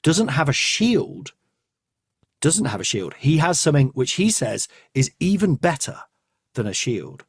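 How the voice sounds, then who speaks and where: A man hosting a podcast, retelling a story in casual comic chat with rambling, animated asides. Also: fairly high pitch, a little slow, slightly rough, no room sound, clean studio sound. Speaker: podcast host.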